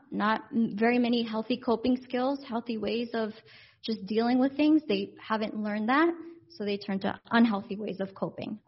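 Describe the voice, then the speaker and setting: A woman counselor speaks calmly and practically, laying out coping steps one at a time. Her voice sits a little high and has a husky edge. The recording sounds dull and lo-fi. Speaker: counselor leading a group session. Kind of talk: group discussion.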